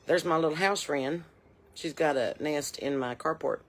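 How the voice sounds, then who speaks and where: This is a woman in her forties delivering an improvised monologue as a folksy, nosy middle-aged Southern mom, chattering away with a drawl on an outdoor porch. She speaks in a low voice at an ordinary speed.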